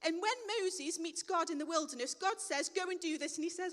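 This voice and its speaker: A woman's voice: extremely high pitch, fairly even intonation, fast, few pauses, a bit bright. A woman preaching a sermon in a conversational, plain-spoken way, recorded in a church hall with long reverb.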